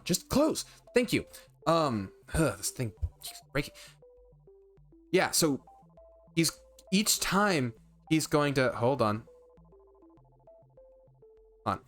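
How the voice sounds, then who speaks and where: A streamer chatting casually and thinking out loud while playing a visual novel. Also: medium pitch. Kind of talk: casual game commentary.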